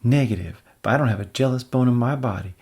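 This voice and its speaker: A man's voice: mid-range voice, fast talker, a little mellow, husky, pitched above the performer's own voice. A man voicing an earnest, quippy young male college student from a comic.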